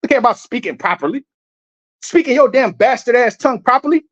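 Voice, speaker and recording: A man's voice: very high voice, animated, fast talker, a bit bright. A man preaching fiercely over video clips, swearing freely and often stumbling over repeated words. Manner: heated, profane, repeats and restarts words. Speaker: street preacher.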